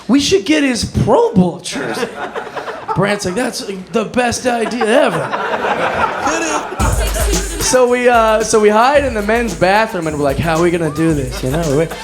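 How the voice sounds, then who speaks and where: Comedian, male, high voice, rambling self-mocking storyteller, music behind. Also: animated, moderate pace. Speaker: stand-up comedian. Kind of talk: stand-up storytelling.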